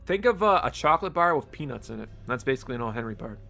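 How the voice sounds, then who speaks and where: A man's voice: medium pitch, sing-song, racing, gravelly, pushed and bright, soft background music. Laid-back, laughing male game streamer. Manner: laid-back, laughs often, chats with viewers. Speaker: live streamer. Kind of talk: casual live-stream chat.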